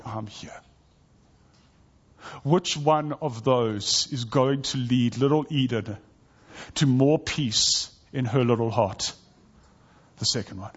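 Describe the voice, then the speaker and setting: A man preaching a sermon to his church, earnest, dropping to a soft hush in tender passages. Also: a little high, highs cut off. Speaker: pastor.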